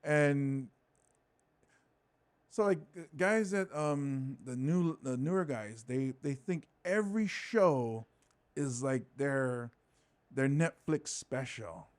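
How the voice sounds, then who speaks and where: A man's voice: medium pitch, takes it slowly. A man from Hawaii, a stand-up comic, telling stories in a casual interview and acting out quotes in voices. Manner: animated, acts out quotes in voices.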